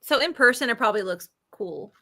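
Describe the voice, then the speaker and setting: Co-host: agreeable woman, high and bright voice, laughs easily. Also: expressive. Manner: easygoing, agreeable, quick to laugh. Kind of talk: casual chat.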